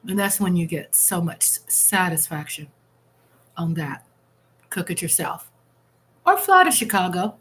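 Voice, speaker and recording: A woman's voice: on the low side, big pitch swings, measured pace, pauses often, fairly bright tone. Chatty woman hosting a live stream. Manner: chatty and candid, reading out chat comments. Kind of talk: casual live chat with viewers. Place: at home.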